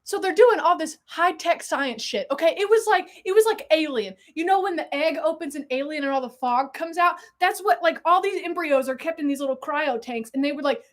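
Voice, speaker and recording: High-voiced excitable woman streamer. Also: fairly quick, few pauses. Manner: excitable, rambling storyteller who swears freely and keeps getting sidetracked. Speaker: streamer hosting a monthly live unboxing. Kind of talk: casual live-stream chat.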